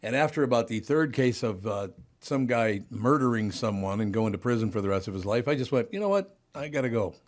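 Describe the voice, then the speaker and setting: A man hosting a casual radio talk show, joking and teasing his guests, his voice a little higher than usual from lingering throat trouble. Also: brisk, hardly any pauses. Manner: joking, teasing, laughs often.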